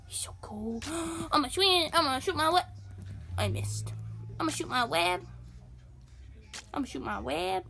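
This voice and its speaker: Woman doing a bragging puppy, high voice, giddy, loud shouts, sudden whispers. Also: vocal fry, full character voice. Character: silly boastful young puppy. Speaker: channel host. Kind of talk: gameplay commentary in character.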